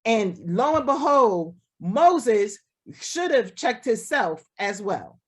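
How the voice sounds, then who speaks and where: A woman pastor preaches over a video call, her pitch swinging up and down as she talks. She keeps the tone conversational, tossing in "right?" and acting out the voices of the people she quotes. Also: big pitch swings, slow pace, slightly rough. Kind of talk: sermon.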